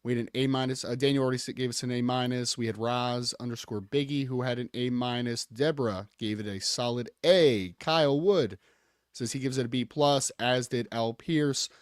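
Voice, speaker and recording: A man's voice: mid-range voice, steady tone, moderate pace, smooth, no room sound, studio quality. A man co-hosting a sports podcast, speaking casually and reading viewer comments off a list.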